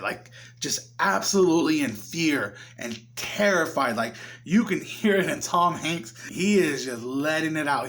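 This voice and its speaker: A young man talks through a movie plot in a loose, chatty recap. His voice sits a little high for a man. He keeps slipping into the characters' lines as he goes. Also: fairly bright tone, a little hiss or hum. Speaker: movie reviewer.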